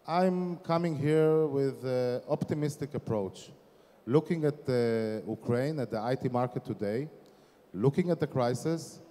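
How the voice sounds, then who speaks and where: Man, Israeli accent, 40s, warm voice, conference talk, long reverb of a big hall. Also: mid-range voice. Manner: informal, self-deprecating, with frequent fillers. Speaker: startup founder giving a conference talk. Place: conference startup stage in a large hall.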